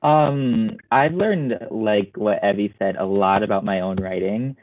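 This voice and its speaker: A man's voice: on the low side, unhurried, no room sound. A young adult man, a student poet, speaks earnestly with hesitant fillers, heard over a remote call. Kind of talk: casual group reflection. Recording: tinny phone-like line.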